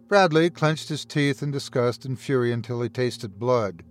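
A man reading a horror story aloud as podcast host, in a dramatic, expressive manner. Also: medium pitch, moderate pace, hardly any pauses. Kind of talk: scripted horror narration.

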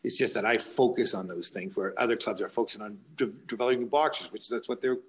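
A man's voice: on the low side, fast, poor audio. A man who coaches boxing and owns a gym, telling a long story in an interview with many restarts and fillers.

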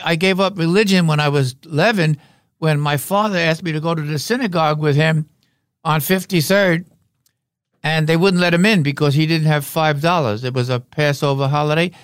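A man's voice: a little high, clean tone, no echo, studio quality. An older man, a veteran actor as interview guest, telling wry, rambling stories. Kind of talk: anecdotal interview talk.

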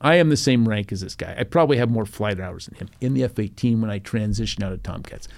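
Speaking fast in a creaky voice on the low side, a retired Navy captain, now an older man, spins stories during a podcast interview. He's animated, acting out quotes and laughing frequently.

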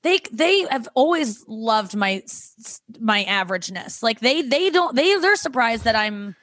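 A woman's voice: fairly high pitch, sing-song, measured pace, fairly bright tone, no room sound, studio quality. A woman comedian talking as a podcast guest, rambling and self-critical with lots of restarts. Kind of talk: casual podcast chat.

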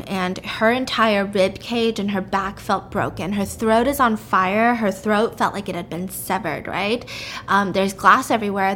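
A woman's voice: medium pitch, fairly bright tone, a little hiss or hum. A woman casually retelling a story, acting out the characters' lines and saying "like" and "right?" often. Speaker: podcast co-host recapping a story. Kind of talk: casual chat, retelling a plot.

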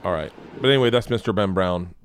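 A man hosting a casual podcast chat, rambling and swearing with excitable energy. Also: sits low, fast talker. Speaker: podcast host.

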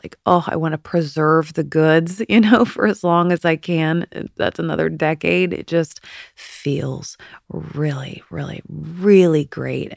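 A woman in her fifties hosting a podcast, chatty and confiding, with a slight lisp on her S sounds and soft whispered asides. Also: sits low, gravelly, no room sound, studio quality. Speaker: podcast host. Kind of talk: candid personal monologue.

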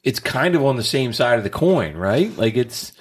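A man's voice: medium pitch, big pitch swings, normal speed, slightly rough. A man hosting a podcast in casual chat, laid-back and peppering his talk with "dude" and "man". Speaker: podcast host.

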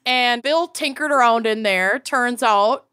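A woman co-hosting a podcast in casual chat, telling an exasperated story with animated swearing. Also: on the high side, measured pace, clean tone, dry recording, studio quality. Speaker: podcast co-host.

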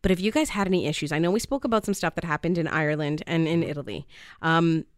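A woman hosting a parenting talk show, chatting casually with her guests and telling stories with animated emphasis. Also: low-pitched, quick pace, dry recording, studio quality. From Canada. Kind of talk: casual interview chat.

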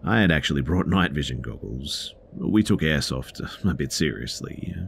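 A man with a very deep, gravelly voice reads true horror stories aloud in a calm, unhurried storytelling manner. There is a faint hiss of noise underneath. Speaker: narrator reading submitted stories. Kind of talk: scripted horror story narration.

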